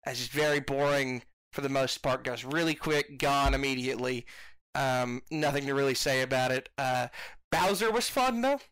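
Male podcast co-host, bright tone, dry close sound, profane and rambling with stammers. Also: medium pitch, moderate pace, clear, resonant tone, dry recording. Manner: profane, rambling, self-mocking, with stammered restarts. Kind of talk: casual movie review chat.

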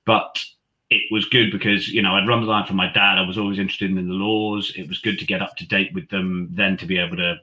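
A man's voice: low-pitched, level tone, quick pace, bright, forceful tone, lo-fi sound. A man, a rugby commentator telling stories in a chatty way, full of fillers and restarts. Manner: chatty, many fillers and restarts, acts out quoted lines. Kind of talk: conversational storytelling.

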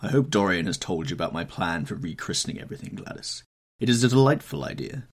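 A man voicing a languid aristocratic gentleman who drawls out witty paradoxes in an audiobook reading. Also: deep voice, expressive, fast talker, breathy edge, exaggerated voice. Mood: amused.

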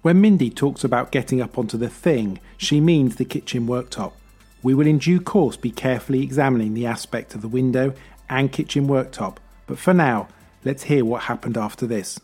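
An English man narrating a true crime podcast in a measured, explanatory manner. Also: medium pitch, mellow, husky, faint music behind. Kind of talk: scripted narration.

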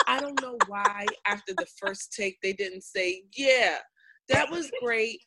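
A woman's voice: on the high side, a little slow, noisy background. A woman co-hosting a podcast in casual chat, blunt and opinionated, swearing casually. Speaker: podcast co-host.

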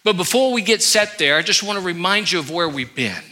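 Bright-voiced high preacher telling a story. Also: male voice, fairly quick. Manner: animated storytelling, acting out his own anger then quiet remorse. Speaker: pastor. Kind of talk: sermon with a personal story. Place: church sanctuary.

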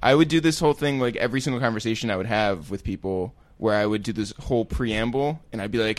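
A man's voice: mid-range voice, expressive, quick pace, few pauses, dry recording. A man co-hosting a podcast, telling chatty, self-deprecating stories. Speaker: podcast co-host. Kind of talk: casual interview chat.

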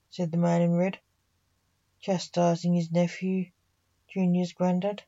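A woman reading a story aloud in a slow, even storytelling manner. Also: fairly low pitch, lo-fi sound.

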